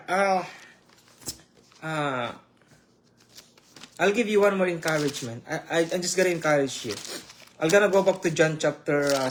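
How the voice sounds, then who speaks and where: A man preaching and praying online, emotional and repetitive, with halting restarts. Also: on the high side, a bit bright. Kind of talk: online sermon with prayer.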